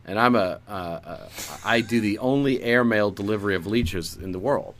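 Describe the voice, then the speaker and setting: A man's voice: lowish voice, normal speed. A man in casual comedic chat, riffing improvised bits and swearing freely. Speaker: podcast co-host.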